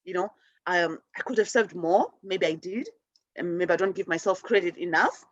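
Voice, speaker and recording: A woman hosting a spiritual show and leading a forgiveness practice, speaking earnestly, restarting and repeating words, and addressing souls with soft affirmations. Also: on the low side, moderate pace, no room sound, muffled recording. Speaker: show host.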